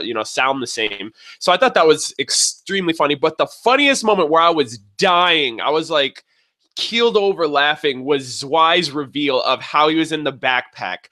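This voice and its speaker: A man giving a casual, rambling spoken review of a show episode, excitable and full of fillers and restarts. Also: on the high side. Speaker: video reviewer.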